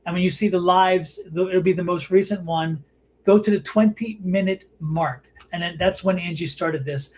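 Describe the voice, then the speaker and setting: A man's voice: sits high, moderate pace, darkish tone, slight background noise. A man hosting a live psychic and tarot show, explaining at length in a rambling way with many restarts. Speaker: host and tarot reader.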